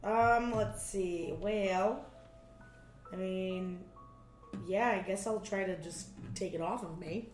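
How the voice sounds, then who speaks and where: A woman's voice: mid-range voice, fairly even intonation, takes it slowly, a little mellow. A woman playing a tabletop game, chatty and playful, thinking her moves out aloud. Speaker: player. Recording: roomy echo with faint music.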